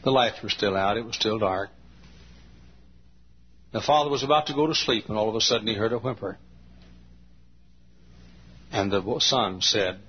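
Folksy preacher guy in a big church, lowish voice, muffled lo-fi sound. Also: slight background noise. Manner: folksy storytelling, slow emphatic phrasing. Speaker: pastor. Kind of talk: sermon. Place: large church. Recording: dull lo-fi church recording.

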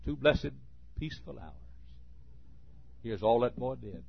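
A man preaching a sermon, folksy and storytelling, dropping to quiet asides and then bursting into shouts. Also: mid-range voice, animated, unhurried, vocal fry, breathy edge. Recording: dull lo-fi recording.

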